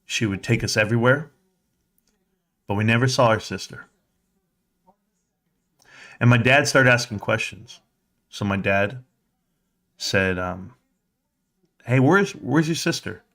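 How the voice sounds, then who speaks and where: A man hosting a livestream, telling a personal story in a casual, animated way, jumping into a higher voice to act out quotes. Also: unhurried, pauses often. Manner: animated, acts out quotes in a high voice; conversational, with fillers and restarts. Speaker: livestream host.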